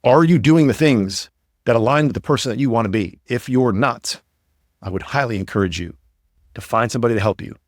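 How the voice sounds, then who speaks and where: A man's voice: mid-range voice, a little fast, no room sound, studio quality. A man hosting a podcast, talking in an upbeat, motivational, rambling way. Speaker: podcast host and coach. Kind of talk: casual podcast talk.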